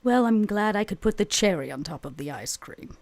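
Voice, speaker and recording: A woman playing a blunt, teasing female vampire mentor in a tabletop role-play, speaking deadpan. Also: mid-range voice, fairly quick, dry recording, close to an everyday voice.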